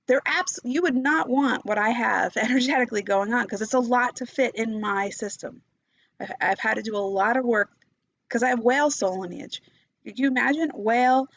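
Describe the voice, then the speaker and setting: A woman's voice: on the high side, gravelly, no room sound. A woman meditation teacher in an impassioned, unscripted monologue, swearing freely and restarting her sentences. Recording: dull, dry, lo-fi recording.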